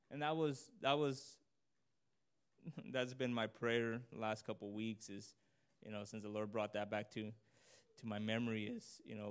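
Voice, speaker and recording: A lowish, smooth male voice at a measured pace, with little movement in pitch. The preacher gives an earnest, informal sermon, reading scripture aloud and discussing it conversationally, rising on emphatic points.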